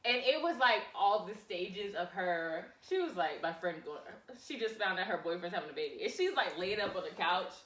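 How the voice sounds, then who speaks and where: A woman's voice: fairly low pitch, animated, a bit bright, roomy sound, far from the mic, poor audio. A woman in her thirties co-hosting a podcast, chatting casually and teasing her friend. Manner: teasing, quick interjections. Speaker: podcast co-host. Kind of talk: casual chat.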